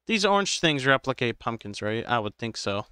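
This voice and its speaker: A man live-streaming a game, chatting casually with viewers in a slow, drowsy, rambling way because he is tired. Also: mid-range voice, very animated, bright, forceful tone, smooth, no room sound, studio quality. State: tired, medicated.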